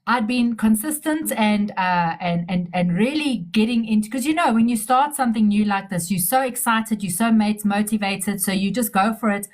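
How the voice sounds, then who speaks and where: A woman's voice: mid-range voice, normal speed, few pauses. A middle-aged businesswoman, telling stories in a casual interview, chatty and repeating herself as she restarts sentences.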